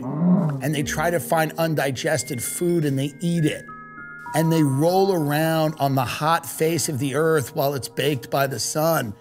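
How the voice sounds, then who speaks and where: A male comedian rambles through an absurd, profane monologue in a slightly high voice. His riffs run on loosely, and steady music plays beneath him. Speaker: comedy podcast host.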